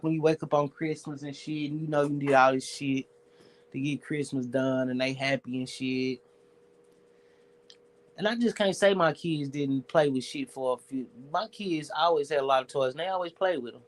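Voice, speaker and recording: A man's voice: on the high side, moderate pace, rough recording. A man with a Southern US accent, talking in a rambling, profane, reflective casual monologue as a streamer.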